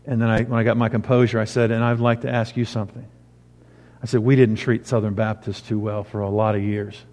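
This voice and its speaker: A man's voice: lowish voice, flat delivery, a little fast, a little mellow. A man preaching a sermon as pastor, telling a personal story and rising into emphatic preaching. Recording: long hall reverb.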